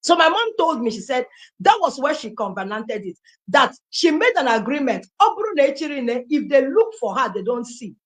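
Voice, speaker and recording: A woman's voice: high voice, sing-song, a little slow. A Nigerian woman in her thirties, first language Igbo, telling her life story aloud and acting out the dialogue. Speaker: testimony speaker.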